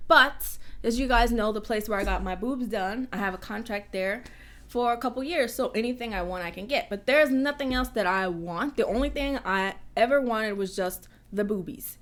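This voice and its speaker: Speaking in a mid-range voice, a young woman from the United States rambles on a home live stream, chatting casually and reading messages from donors aloud.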